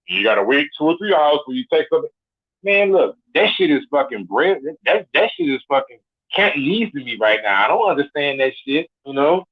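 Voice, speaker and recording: A man's voice: fairly high pitch, husky. Swearing forty-year-old man on a tinny phone line. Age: 40s. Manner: blunt, swaggering and heavy with swearing. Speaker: caller on a live show. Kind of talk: profane rant.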